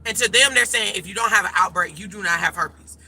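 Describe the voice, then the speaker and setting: Chatty woman vlogger in a car, emphatic and direct, sharp tone with vocal fry. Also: mid-range voice, quick pace, slight background noise. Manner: emphatic, chatty, addresses viewers as y'all. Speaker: life coach vlogger. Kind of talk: casual direct-to-camera chat.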